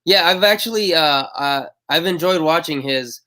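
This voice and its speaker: A slightly higher-voiced man co-hosting a relaxed podcast over a video call. He stumbles and restarts his sentences and pokes fun at himself as he talks. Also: normal speed. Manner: hesitant, self-deprecating, trails off. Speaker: podcast co-host. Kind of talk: casual live podcast chat. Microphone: plug-in mic on a video call.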